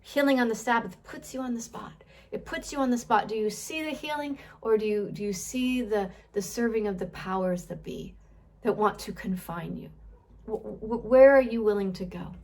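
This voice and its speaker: A woman's voice: mid-range voice, moderate pace, darkish tone. Woman teaching scripture conversationally. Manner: thinks aloud, with frequent restarts and repeated words; conversational, asks the listeners questions. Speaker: Bible teacher. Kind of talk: casual Bible teaching.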